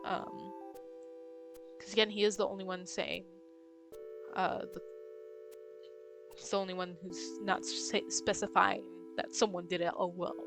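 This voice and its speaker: A woman streamer reading game text aloud and thinking out loud, hesitant and full of ums. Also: fairly low pitch, fairly even intonation, measured pace, creaky, long pauses. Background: game music.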